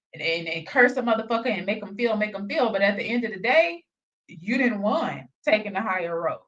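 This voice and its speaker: A woman's voice: medium pitch, a bit bright, recorded from a distance, dull audio. A woman hosting a reaction channel from her home office, sassy and mocking, talking straight to her viewers. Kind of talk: casual reaction commentary.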